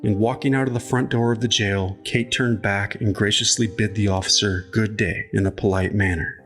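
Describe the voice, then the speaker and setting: Deep-ish guy narrating a book chapter, steady and measured, quiet music behind. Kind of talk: scripted audiobook narration.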